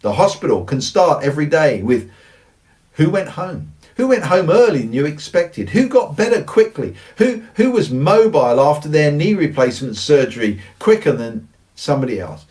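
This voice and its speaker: This man's voice sits fairly high, with a sing-song lilt, a darkish tone, and normal speed, captured from a distance. He's a church leadership speaker giving a recorded teaching presentation on church and organizational culture. He's earnest and emphatic and keeps repeating his key phrases.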